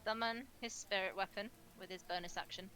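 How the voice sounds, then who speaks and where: A woman's voice: mid-range voice, fairly even intonation, fairly quick, bright, forceful tone. A woman playing in a tabletop game, eagerly describing her character's moves. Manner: eager, cheers at the dice rolls. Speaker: player.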